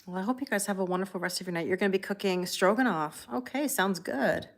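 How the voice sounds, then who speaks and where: A woman hosting a tarot livestream in a calm, chatty way, reading viewer comments aloud and thanking people by name. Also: mid-range voice, fast. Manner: calm and relaxed. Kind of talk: casual livestream chat.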